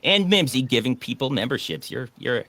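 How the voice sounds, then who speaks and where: A man's voice: mid-range voice, lively intonation, brisk, a bit bright. A man hosting a casual online chat, joking and sarcastic. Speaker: podcast host.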